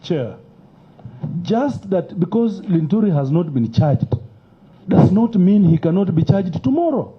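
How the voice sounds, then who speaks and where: A man's voice: high voice, very animated, unhurried, highs cut off. A Kenyan man and member of parliament testifying at a committee hearing, arguing insistently and emotionally, often cutting in. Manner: interrupts, argues insistently, emotional. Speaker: member of parliament moving an impeachment.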